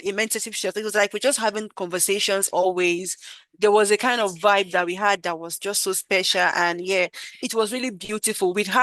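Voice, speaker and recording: A woman's voice: mid-range voice, dry recording. A woman, a program participant giving an effusive, emotional thank-you speech over a video call. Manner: warm, effusive, gushing with gratitude.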